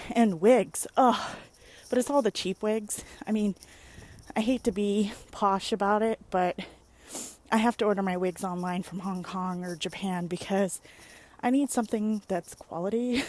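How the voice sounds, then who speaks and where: A young woman chatting casually to her phone camera in a vlog, rambling and animated as she tells stories. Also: medium pitch. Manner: rambling, animated storytelling with many "like"s and playful exclamations. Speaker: vlogger. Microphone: phone or webcam at arm's length.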